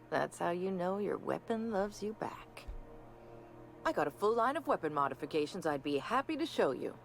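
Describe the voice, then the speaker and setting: A man voicing a male weapon-mod vendor in a put-on Scottish accent, breathy and half-whispered. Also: high voice, sing-song, normal speed, a bit bright, a little hiss or hum, voice pushed up, full character voice. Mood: admiring. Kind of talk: reading game dialogue aloud.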